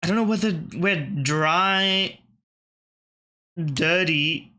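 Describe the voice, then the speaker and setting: A man's voice: high-pitched, extremely slow, sharp tone. A man, thinking aloud and swearing casually as he gives let's-play commentary on word puzzles. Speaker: gaming channel host.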